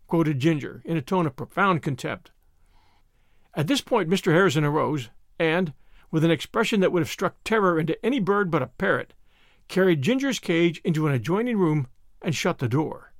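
A man narrating a classic novel aloud with expressive, animated storytelling. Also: on the high side, normal speed, no room sound, studio quality. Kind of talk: audiobook reading of a classic novel.

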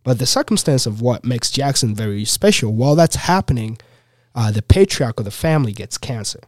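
Young man from Uganda, podcast guest; lively casual storyteller, plain dry sound. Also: medium pitch, fairly quick, no room sound. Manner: animated, heavy use of "like" and "you know".

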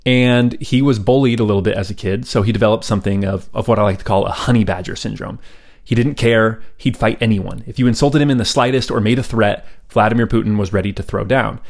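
A man with a fairly low voice hosts a history podcast. He tells the story in a loose, conversational way, pausing for ums and friendly asides. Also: steady tone, gravelly. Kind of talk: casual storytelling narration.

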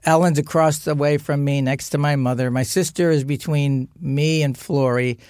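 A middle-aged man and guest actor, telling stories in a casual interview in an animated way, acting out the scenes. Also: on the high side, normal speed, clear, resonant tone, no room sound, studio quality. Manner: animated, acts out scenes, many restarts. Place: studio.

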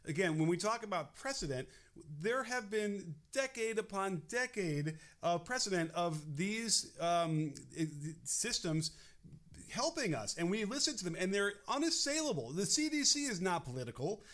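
A man's voice: sits high, big pitch swings, a bit bright. Rambling male podcast co-host. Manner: rambling, halting, with frequent restarts. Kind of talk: casual political chat.

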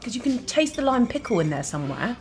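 A woman guest chatting over a restaurant meal, giggly and warm-hearted, talking easily. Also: on the high side, sing-song, quick pace. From London. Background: cutlery and dishes clattering.

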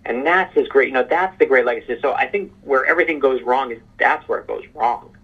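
A man being interviewed as an author, telling an animated story in casual conversation. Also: medium pitch, fairly quick, husky. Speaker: author guest. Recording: muffled phone-line sound.

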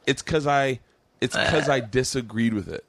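A middle-aged man hosting a casual podcast, his voice sitting at an ordinary pitch in a dry, close room. He tells stories in a loud, animated way, laughs often and swears freely. He slips into other people's voices when he quotes them. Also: moderate pace, dry recording. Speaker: podcast host, comedian. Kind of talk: casual chat.

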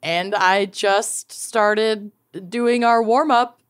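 A woman co-hosting a podcast in casual chat, playful and quick to joke. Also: mid-range voice, lively intonation, fairly bright tone. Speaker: podcast co-host.

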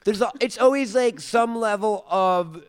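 A man with a slightly high voice co-hosts a comedy podcast, rambling and laughing as he tells his stories. The sound is dry and close to the mic. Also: unhurried, clean tone, no room sound. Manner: rambling, laughs often, quotes people in put-on voices. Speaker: podcast co-host. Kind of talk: casual comedy podcast banter.

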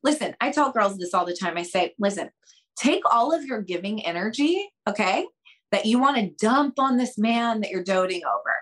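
A woman appears as a podcast guest and dating coach, talking directly to listeners with lively intonation and stressing her points. She acts out conversations with big pitch jumps, shifting between quick bursts and slow, drawn-out emphasis. The recording is low quality.

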